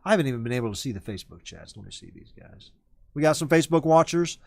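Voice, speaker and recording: A man's voice: mid-range voice, very animated, fast talker, creaky, no echo. A man hosting a casual live stream, rambling and correcting himself as he talks. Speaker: show host.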